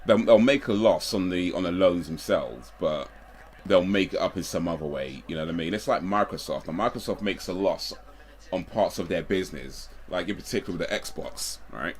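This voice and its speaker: A young man streaming live, chatting in a relaxed, rambling way with chuckling asides. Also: deep voice, normal speed. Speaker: livestreamer. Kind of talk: casual live watch-along chat.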